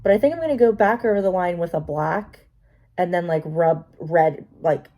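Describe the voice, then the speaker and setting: A woman's voice: lowish voice, normal speed, dark tone. A woman vlogging as she does her makeup, chatty and talking to herself with self-deprecating asides. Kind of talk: casual talk while doing makeup.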